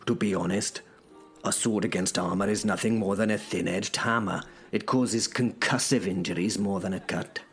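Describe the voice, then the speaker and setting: A man's voice: fairly low pitch, steady tone, normal speed, faint music behind, natural voice. A man voicing a proud, blunt, battle-hardened young medieval knight who narrates in formal, scornful old-fashioned speech. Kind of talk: audio drama first-person narration.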